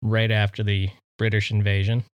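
A man's voice: on the low side, flat delivery, moderate pace, clear, resonant tone, dry recording, highs cut off. A man co-hosting a casual chat show, easygoing and offering facts with many fillers. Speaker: podcast co-host.

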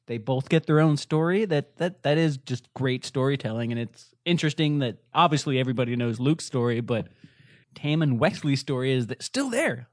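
A man co-hosting a podcast in casual chat. He talks with enthusiasm, full of fillers and quick restarts. The sound is close and dry, with no room around it. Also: mid-range voice, no room sound. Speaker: podcast co-host.

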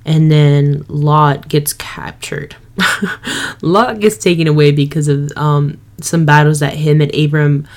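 A woman's voice: sits low, slow pace. A young woman hosting a faith podcast, retelling a Bible story in a casual, slangy way and acting out what people say. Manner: slangy, lively retelling with quoted voices. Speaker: podcast host.

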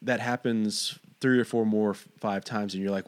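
A man's voice: lowish voice, steady tone, normal speed, clean tone. A man from Fort Stockton hosting an interview, rambling and stumbling over his words. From Fort Stockton, Texas. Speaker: interviewer host. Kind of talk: casual interview.

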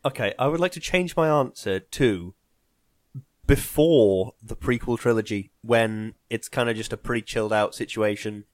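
A man's voice: on the low side, no room sound, studio quality. A man chatting casually, rambling and joking at his own expense. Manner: rambling, self-deprecating, quick to joke. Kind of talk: casual group chat.

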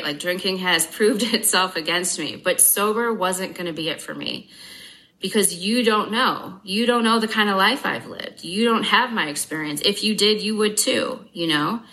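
In a rough recording, a mid-range-voiced woman gives a candid personal account as an interview guest. She is frank and blunt, swears freely, and retells things briskly and animatedly with wry humor.

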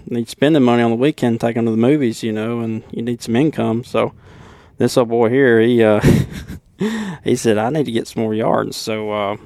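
A man from Alabama with a deep Southern accent, a podcast guest in laid-back casual chat who says "man" a lot. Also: normal speed, a little mellow, no room sound. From Alabama, USA. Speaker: podcast guest, lawn care business owner.

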